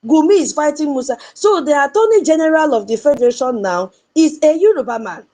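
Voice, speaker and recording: A woman's voice: high voice, lively intonation, fairly quick, warm tone. A Nigerian woman giving an impassioned political commentary, repeating her points and asking her audience rhetorical questions.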